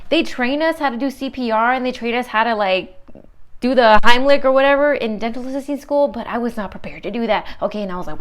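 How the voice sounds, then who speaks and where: A young woman with a smooth, clear voice tells work stories in a casual vlog. She talks straight to her viewers in an animated, chatty way, and her voice sits a little high. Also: quick pace. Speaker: dental assistant vlogger.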